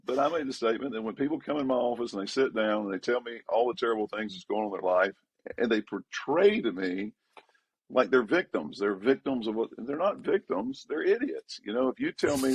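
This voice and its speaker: A man, a pastor talking in a casual podcast conversation, emphatic and repetitive, pitch jumping up when he stresses a point. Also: big pitch swings, a little fast, vocal fry, slightly rough.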